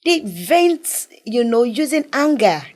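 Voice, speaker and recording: A woman, speaking earnestly as a guest in a conversational interview and often dropping to softer tones. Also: a little high, sing-song, slow. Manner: earnest, emphatic, drops to soft tones. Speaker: guest, mental health advocate.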